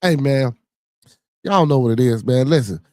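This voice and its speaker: A man's voice: mid-range voice, animated, moderate pace, darkish tone, dry recording, studio quality. A man hosting a casual livestream podcast, talking in slang and repeating his catchphrases three times over. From Chicago. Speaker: podcast host.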